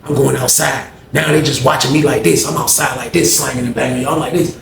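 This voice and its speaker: A young adult man from Norfolk, Virginia, tells a story casually, imitating other people's voices and peppering his lines with "man" and "bro." His mid-range voice is gravelly, fairly even in intonation, and a little fast, recorded in an echoey room with faint ambience and a crowd in the background.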